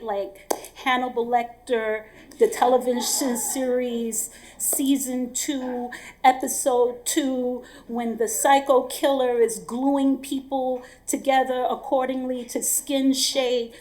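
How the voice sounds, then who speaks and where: A woman tells a personal story live on stage into a microphone. Her voice sits a little high, and she takes her time, moving slowly from beat to beat. She speaks casually and frankly, with many fillers and repeated words. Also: fairly even intonation, a little mellow.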